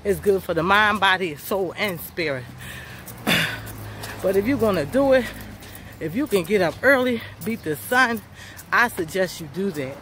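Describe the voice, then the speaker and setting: Walking outdoors on a sunny neighborhood street, a fitness vlogger gives a casual motivational talk, breathless and chatty. Her medium-pitched, somewhat bright voice has lively intonation, a moderate pace, and long pauses, and she calls viewers honey and y'all over a little hiss or hum.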